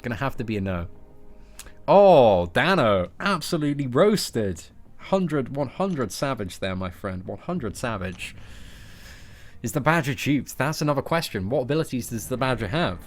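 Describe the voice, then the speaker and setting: A man's voice: mid-range voice, lively intonation, normal speed, soft background music. A young English man chatting casually and joking with viewers while he plays a game. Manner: jokey, chatty, calls listeners mate and boys. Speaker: gaming streamer. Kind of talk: casual live-stream chat while gaming.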